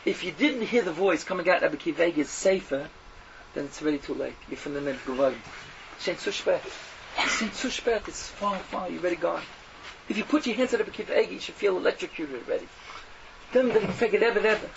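A man giving a fiery sermon, mocking and animated, swinging from loud outbursts to hushed asides, on a dull lo-fi recording. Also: sits high, fairly quick, vocal fry. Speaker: preacher. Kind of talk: fiery Yiddish-laced sermon. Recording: dull lo-fi recording with faint noise.

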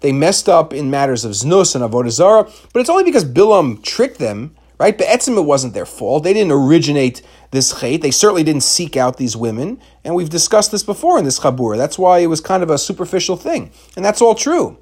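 A man teaching a Torah class. His voice sits a little high and swings widely in pitch as he asks question after question. He slips Hebrew terms into lively, earnest teaching. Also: brisk, few pauses, husky. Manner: animated, rhetorical questions, Hebrew and Yiddish terms.

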